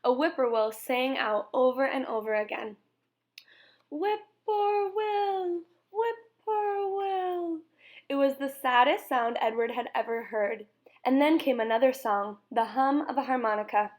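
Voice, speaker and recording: A woman reads a children's novel aloud in a measured, expressive way. Her voice sits a little high for a woman. She reads calmly and clearly. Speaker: reader. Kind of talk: storybook read-aloud.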